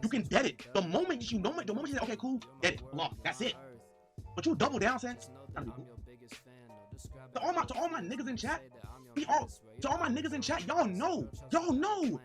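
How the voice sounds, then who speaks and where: A man livestreaming, excitedly reading messages aloud and talking straight to his chat. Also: extremely high pitch, fairly quick, soft background music. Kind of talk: livestream commentary.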